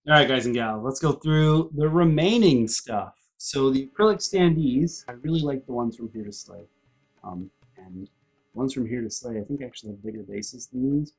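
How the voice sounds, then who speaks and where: A man's voice: mid-range voice, darkish tone. A chatty man narrating a board game unboxing in a casual, self-deprecating way, often correcting himself mid-sentence.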